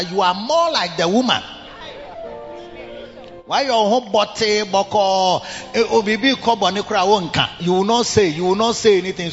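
An older man with a Ghanaian accent preaching a sermon in an animated way, bursting into shouts and slipping in local phrases. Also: high voice. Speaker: pastor. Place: large cathedral hall. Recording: dull reverberant hall with music.

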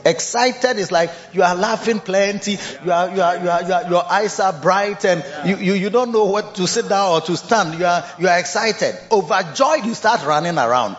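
A man preaching a sermon. He talks in an animated, repetitive way, laughs often and coaxes the listeners to repeat his words. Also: high voice. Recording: dull lo-fi sound in a reverberant hall with faint music.

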